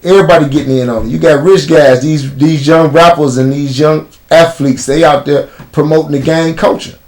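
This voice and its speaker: A man's voice: fairly high pitch, fairly even intonation, moderate pace, darkish tone. A man with a Chicago accent, an interview guest telling stories bluntly in street slang. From United States. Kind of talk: casual interview storytelling.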